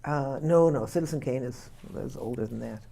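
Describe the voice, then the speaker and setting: A woman's voice: extremely low pitch, moderate pace, gravelly, dark tone. A woman guest on a radio talk show, quizzing the hosts on movie quotes and exclaiming as she laughs along. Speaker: guest, playwright and comedian. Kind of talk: casual radio chat, running a movie quiz.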